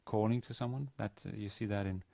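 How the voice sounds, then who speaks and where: A man with a lowish, mellow voice lectures on grammar at a university, pausing often with hesitant fillers and restarting his sentences. The sound is dry and close, with almost no room echo. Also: vocal fry. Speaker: Arabic teacher.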